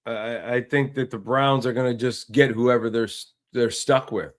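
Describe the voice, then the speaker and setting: A man's voice: medium pitch, steady tone, moderate pace. A man hosting a casual sports talk podcast, ranting in a frustrated way and often restarting his sentences. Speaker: podcast host.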